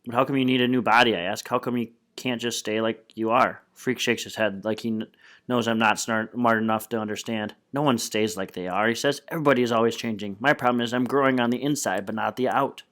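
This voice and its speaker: A man's voice: medium pitch, fairly even intonation, a little fast, fairly bright tone. A man reading a novel aloud in a plain, unpolished way, with small slips and restarts. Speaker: reader.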